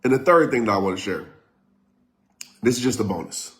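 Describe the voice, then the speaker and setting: A man's voice: mid-range voice, lively intonation, fairly quick. Emphatic man preaching to live viewers. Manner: preaching, emphatic and repetitive, sometimes shouting; talks directly to live viewers. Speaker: motivational speaker. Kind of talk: live-streamed motivational talk.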